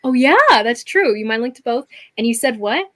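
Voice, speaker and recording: A woman's voice: a little high, expressive, normal speed. A woman narrating a tabletop game as game master, chatty and full of fillers. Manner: chatty, many fillers and restarts.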